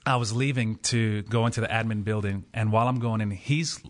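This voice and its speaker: A man's voice: fairly low pitch, steady tone, brisk. A man in his forties, a pastor, telling a funny story on a podcast with frequent laughter.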